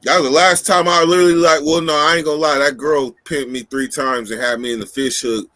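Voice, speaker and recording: A man hosting a casual chat, telling animated, profane stories in slangy speech. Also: fairly high pitch, brisk, no echo. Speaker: podcast host.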